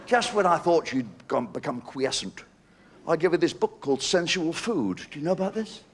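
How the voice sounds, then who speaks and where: A man's voice: fairly high pitch, lively intonation, normal speed. A man doing a live stand-up routine, telling cheeky stories and throwing asides to the audience. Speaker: stand-up comedian. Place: live show venue. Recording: noisy live stage recording.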